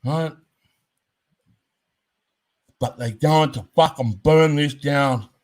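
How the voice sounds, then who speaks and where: Male commentator, fairly high voice, blunt profane ranting delivery. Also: very slow, a little mellow. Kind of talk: heated commentary rant.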